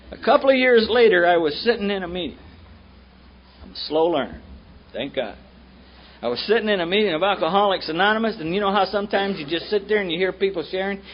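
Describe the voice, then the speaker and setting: A man with a Southern American accent, speaking bluntly and with profanity at a recovery meeting. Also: high voice. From United States. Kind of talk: storytelling talk at a meeting. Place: meeting room. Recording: muffled old tape with faint hiss.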